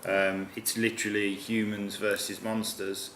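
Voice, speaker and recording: A man's voice: on the low side, little pitch movement, unhurried, fairly bright tone. A man chatting animatedly as a film reviewer, swearing casually and slipping into silly voices. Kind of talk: casual chat. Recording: echoey room with faint noise.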